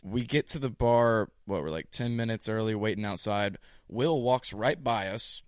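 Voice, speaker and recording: A young man co-hosting a podcast, telling a story in a casual, animated way. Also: lowish voice, moderate pace, smooth, dry recording, clean studio sound. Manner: storytelling, animated retelling with baseball metaphors. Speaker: podcast co-host. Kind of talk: casual chat. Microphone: podcast microphone.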